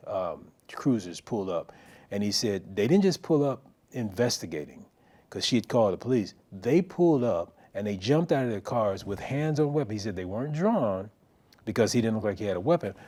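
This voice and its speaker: A middle-aged man telling a story on a local talk show, animated and acting out the quotes. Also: fairly low pitch.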